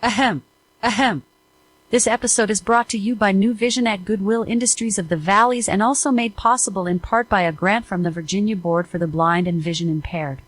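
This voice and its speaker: A woman's voice: mid-range voice, brisk, few pauses, low-quality recording. A text-to-speech woman's voice of a voice assistant, running a quiz in a chirpy scripted way, played from a smart speaker.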